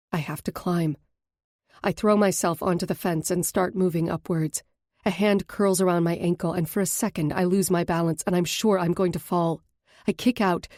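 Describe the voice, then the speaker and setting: An audiobook narrator with a low, mellow female voice reads scripted first-person narration. The recording is dry, with clean studio sound.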